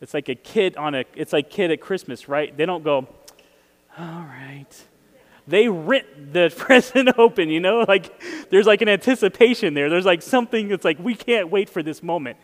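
Male preacher, slightly high voice, casual and conversational with questions to the audience; long hall reverb. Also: expressive, moderate pace, few pauses. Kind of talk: casual sermon.

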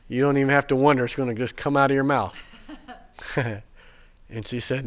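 A male preacher telling a story from the pulpit in a loose, rambling way, full of fillers and restarts. He has an average-pitched voice and turns hushed and earnest as he preaches. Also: steady tone, fairly quick. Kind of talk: sermon storytelling.

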